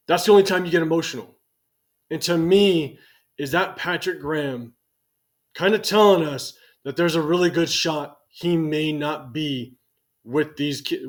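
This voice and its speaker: A man in his forties giving casual, conversational sports commentary to his channel's viewers, thinking aloud as he goes. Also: on the high side. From United States.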